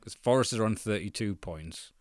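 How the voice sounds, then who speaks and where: Lower-voiced man, jokey podcast chat. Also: moderate pace, a little mellow, no room sound, studio quality. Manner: laughs often, jokey and rambling, drifts into mocking impressions. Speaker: podcast co-host. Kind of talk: casual football chat.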